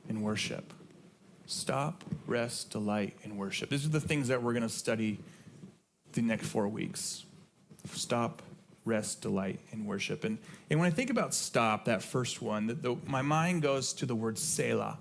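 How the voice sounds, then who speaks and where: Middle-aged pastor guy preaching in church, earnest and chatty, mid-pitch voice, bit of faint hiss. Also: gravelly. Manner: earnest, conversational preaching with repeated phrases. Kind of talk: sermon. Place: church sanctuary.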